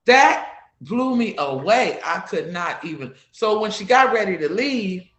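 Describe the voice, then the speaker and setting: A woman's voice: medium pitch, lively intonation, unhurried, fairly bright tone. A woman guest giving heartfelt personal stories about her community work, retelling conversations with repeated "I said, she said.". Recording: roomy echo.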